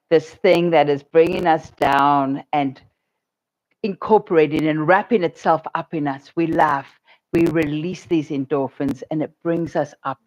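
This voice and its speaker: A woman minister giving a sermon, telling stories in an animated way and laughing often. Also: sits low, muffled recording.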